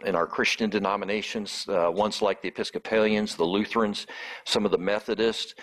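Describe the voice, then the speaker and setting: Low-voiced conversational male pastor. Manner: conversational preaching with frequent restarts and fillers; prayer in a lower, softer voice. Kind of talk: sermon.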